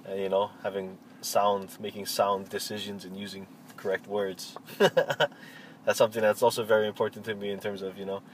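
A man answering interview questions in a relaxed, reflective way, pausing often with fillers and restarts. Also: on the low side, rough recording. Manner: halting, many fillers and restarts. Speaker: interviewee, cultural practitioner. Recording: faint vehicle noise behind.

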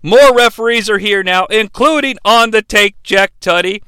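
Hyped guy doing a funny recap, high lively voice, swears a lot, dry close mic. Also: clean tone, no room sound. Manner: excitable, swings between loud outbursts and fast asides, swears freely. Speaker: podcast host reviewing wrestling. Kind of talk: comedic recap narration.

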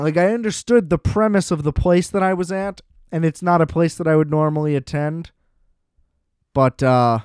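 A young man rants in a casual chat, sarcastic and full of profanity, slipping into mocking voices. His voice sits a bit high for a man. The sound is dry and close. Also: a little mellow, clear, resonant tone, no room sound.

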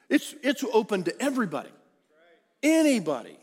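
A male pastor preaching a sermon emphatically, swinging from loud peaks down to hushed low lines. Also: very animated, quick pace. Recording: long hall reverb.

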